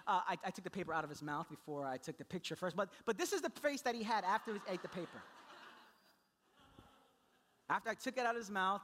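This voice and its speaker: A man's voice: sits high, fairly bright tone. A young adult man, a pastor, preaching a sermon and telling a story about his baby son with playful voices and laughter.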